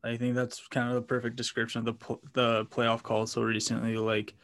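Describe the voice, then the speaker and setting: A man's voice: medium pitch, completely flat delivery, fairly quick, fairly bright tone. A man co-hosting casual sports chat, matter-of-fact and conversational.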